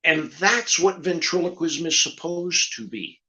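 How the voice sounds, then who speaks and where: A ventriloquist telling a comic story in a chat, a lively storyteller who repeats lines for effect. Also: male voice, fairly high pitch, measured pace. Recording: slightly dull lo-fi audio.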